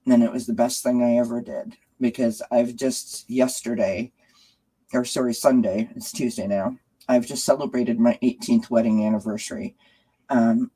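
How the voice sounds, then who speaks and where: A woman in her forties hosting a live stream from home, chatting warmly with viewers and cooing at her cats, with lots of fillers. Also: very deep voice, slightly rough, low-quality recording. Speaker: tarot channel host.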